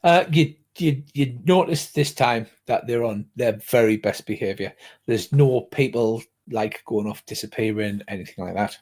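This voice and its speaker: A man's voice: medium pitch, moderate pace, a little mellow. An older man narrating a tabletop game as game master, chatty and hesitant, with many fillers.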